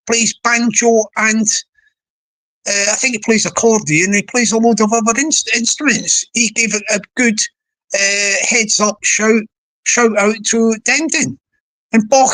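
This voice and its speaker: Woman, livestream host, playful rambling chatter, fairly high pitch. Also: a bit bright. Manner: playful, rambling, talks to the chat.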